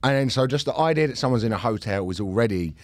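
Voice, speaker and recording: Young man, podcast co-host, mid-pitched, sweary and animated, dry close mic. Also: quick pace, no echo. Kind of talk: casual chat.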